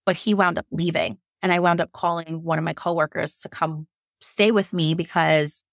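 A woman speaks as a podcast guest, recounting a personal story openly with a gravelly, fry-tinged voice. She talks animatedly, slipping into what others said and peppering her talk with "like." The sound is close and dry, with no room around it. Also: deep voice, steady tone, normal speed, no room sound. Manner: frequent "like" and quoted self-talk.

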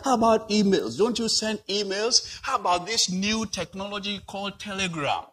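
Husky high-voiced male preacher. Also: animated, moderate pace, hardly any pauses, a bit bright, low-quality recording. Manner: preaching with rising emphatic swells and rhetorical questions. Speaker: pastor. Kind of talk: sermon.

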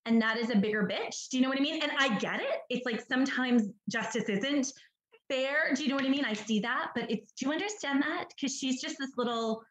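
A woman's voice: high voice, brisk, a bit bright, roomy sound, low-quality recording. A woman from British Columbia, giving a chatty psychic reading over a video call, full of "like" and "do you understand that?". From British Columbia, Canada. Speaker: psychic medium.

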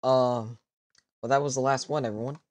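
A man's voice: mid-range voice, steady tone, moderate pace, a little hiss or hum. A man hosting an online drawing-game session with friends, talking in a dry, hesitant, teasing way over voice chat. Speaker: host. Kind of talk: casual chat while playing a drawing game.

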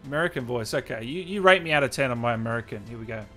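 A man hosts a gaming livestream in a loose, chatty way, reading out viewer comments and laughing often. His voice sits at an ordinary middle pitch. Faint music plays underneath. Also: animated, racing, a bit bright. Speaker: gaming livestream host and interviewer. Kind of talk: casual livestream chat.

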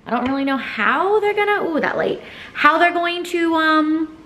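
A woman's voice: extremely high pitch, animated, moderate pace, sharp tone, a little hiss or hum. A woman in her thirties chatting casually to her phone camera at home as a mom vlogger, talking with feeling and laughing often. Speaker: vlogger, mother. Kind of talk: casual vlog chat. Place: home, indoors.

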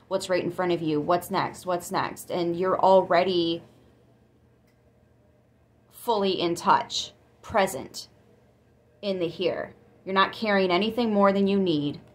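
A woman giving a casual tarot reading, chatty and excitable, with frequent gasps and laughs. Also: lowish voice. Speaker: tarot reader.

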